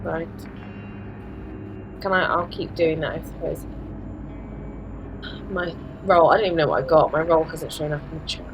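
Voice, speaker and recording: A woman's voice: sits low, fairly even intonation, normal speed, long pauses. A woman, playing a tabletop game over chat in a chatty, self-mocking way and laughing often. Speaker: player. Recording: clear background noise.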